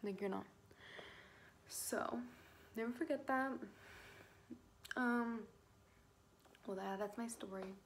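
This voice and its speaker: A woman's voice: fairly high pitch, takes it slowly, pauses often, a little hiss or hum. A pregnant teenage girl telling her story to camera in a casual vlog, chatty and full of fillers, swearing freely. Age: teens. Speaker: vlogger.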